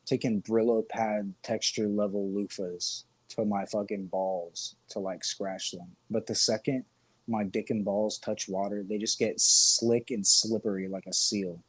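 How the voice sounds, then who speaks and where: A man co-hosting a casual podcast, spinning long crude jokes in a husky, slightly rough voice. He swears freely, restarts his sentences and breaks into laughter along the way. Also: on the low side, steady tone, a little slow. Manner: rambling, profane, joking, laughs often. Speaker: podcast co-host.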